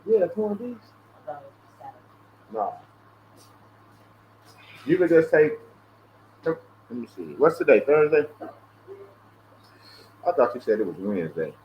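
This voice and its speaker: Brief: man hosting a loose livestream, casual and profane, animated storyteller, slightly dull lo-fi audio with faint hiss. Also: on the high side, slow, long pauses. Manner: mimics callers in a raised voice. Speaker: livestream host. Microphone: earpiece headset.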